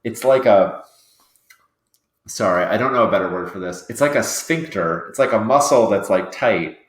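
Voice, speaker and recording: A man's voice: on the low side, lively intonation, moderate pace. A man playing a tabletop game, chatting casually in a rambling, apologetic way and correcting himself often. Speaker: player. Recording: echoey room.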